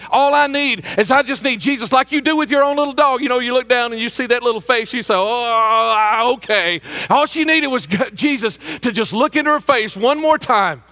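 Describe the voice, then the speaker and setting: A man preaching a sermon as pastor, emphatic, with a rising delivery that at times pushes toward a shout. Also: extremely high pitch, normal speed, few pauses, in a large hall.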